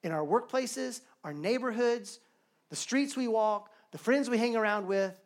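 During a live service in a church sanctuary, a male pastor preaches earnestly to the congregation, building his points through repetition. His voice is high-pitched and his pace measured.

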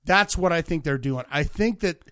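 A man's voice: on the high side, moderate pace, a bit bright, clear, resonant tone, no room sound, studio quality. A middle-aged man co-hosting a podcast, joking around in laid-back, teasing banter. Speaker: podcast co-host. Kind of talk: casual chat.

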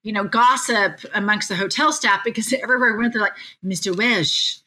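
A woman from Oklahoma with an Oklahoma accent, a reality show cast member telling stories in a wry, animated way. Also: a little high, quick pace. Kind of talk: casual chat, storytelling.

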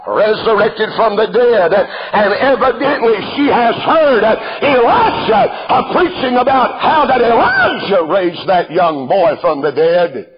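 A man preaching a sermon. He reads scripture aloud, explains it, and calls out to the listener as "friend," swelling into fervent shouts. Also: sits high, lo-fi sound.

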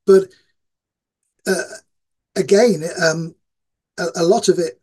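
Husky man with a Yorkshire accent. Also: sits high, steady tone, slow pace, a little mellow, rough recording. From Yorkshire, England. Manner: thoughtful, many ums and restarts. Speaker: guest, game design professor. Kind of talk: casual interview chat.

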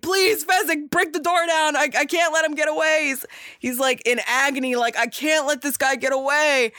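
A young woman casually retelling a movie plot, chatty and excitable, swearing and acting out quotes. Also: fairly high pitch, no echo, studio quality.

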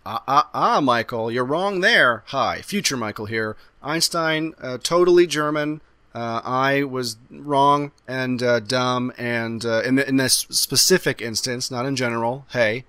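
A man's voice: medium pitch, a little slow, pushed and bright, smooth, no echo. A man cutting in with a cheeky, self-mocking aside. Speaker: game master adding a later voice-over note. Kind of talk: recorded aside.

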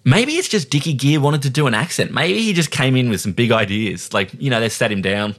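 A man's voice: mid-range voice, lively intonation, fairly quick, hardly any pauses, fairly bright tone. A man co-hosting a casual film podcast, talking loosely and jokily with lots of "like" and "you know.".

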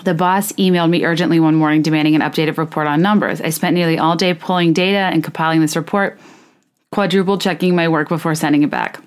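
A woman's voice: deep voice, steady tone, fast talker, smooth. A woman hosting a casual podcast, reading listener stories aloud and reacting candidly and indignantly, with many "like" fillers.

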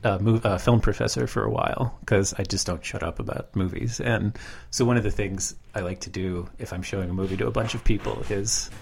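A man chatting casually as a podcast co-host, halting and restarting his sentences and laughing often. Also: lowish voice, fairly even intonation, gravelly, slight background noise. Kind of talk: casual chat.

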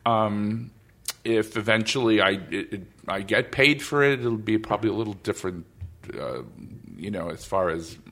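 A man's voice: on the low side, normal speed, a bit bright. A man hosting a podcast interview, talking in an effusive, emotional way and often repeating himself. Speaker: podcast host. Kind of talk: casual interview chat.

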